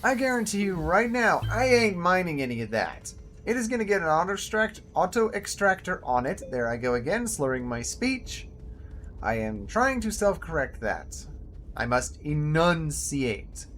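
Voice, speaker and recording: A man giving casual commentary while playing a game, chatty and talking to himself, now and then jumping up loud and high when excited. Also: a little slow, soft background music. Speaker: gameplay video host.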